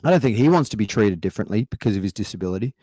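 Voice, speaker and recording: A man's voice: fairly low pitch, animated, racing, mellow, breathy edge, no room sound. A young adult Australian man doing a rambling, swearing stand-up set over a livestream. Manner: swearing, rambling, conversational storytelling. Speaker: stand-up comedian.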